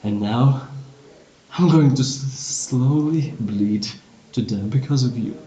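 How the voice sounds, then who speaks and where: A man's voice: mid-range voice, slow, dark tone, roomy sound, highs cut off, lightly acted. A man voicing a burnt, bleeding dead father who bitterly accuses his child and raises his voice in anguish.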